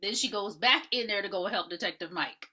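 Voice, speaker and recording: A woman co-hosting a podcast, relaxed as she recaps and rates a horror movie in casual talk. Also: medium pitch, fairly quick, husky. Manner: relaxed, gives ratings and recommendations. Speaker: podcast co-host.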